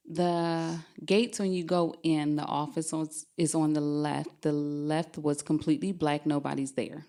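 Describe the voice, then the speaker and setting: Low-voiced woman telling a ghost story. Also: unhurried, hardly any pauses. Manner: animated, laughing while telling a scary story. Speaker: podcast guest. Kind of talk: casual storytelling.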